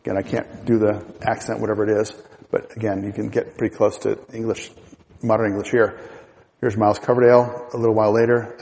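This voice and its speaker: A middle-aged man teaching a Bible class in a relaxed, halting way, with fillers and restarts. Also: on the low side, creaky, in a large hall, poor audio. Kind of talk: church class lecture.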